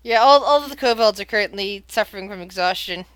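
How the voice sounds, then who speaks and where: A woman narrating as game master of a tabletop game, animated and tripping over repeated words. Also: mid-range voice, fast talker, clear, resonant tone, no room sound.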